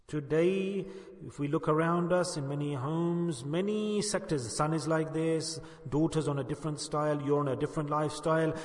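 A man delivers an impassioned sermon. His voice sits high and rises and falls as he acts out the voices of the people he quotes. The sound rings with the long reverb of a large hall. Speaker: preacher.

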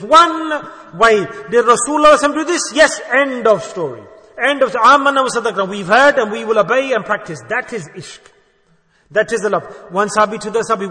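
A man delivers an earnest sermon and keeps putting questions to his listeners. His voice sits high and sounds bright and forceful. The hall around him rings with a long echo. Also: a little fast. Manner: earnest, rhetorical questions to the audience. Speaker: Islamic preacher.

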